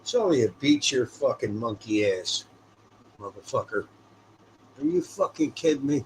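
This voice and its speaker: A man throws out crude, heckling insults at a middling pitch. His voice is ordinary for a man, with a faint hiss of noise behind it. He sounds like a heckler joining in from the side. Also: animated, measured pace, low-quality recording.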